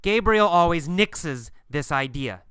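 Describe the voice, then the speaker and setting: Guy teaching english slow and clear, says things twice, kinda high bright voice, super dry close mic. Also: animated, no echo. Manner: slow, emphatic, repeats phrases for learners. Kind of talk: English listening lesson.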